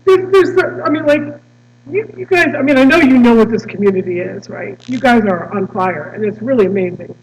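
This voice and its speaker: A woman guest speaker addressing a congregation, emotional and halting, with many restarts. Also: on the high side. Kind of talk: personal talk to a congregation. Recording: distant mic with mains hum.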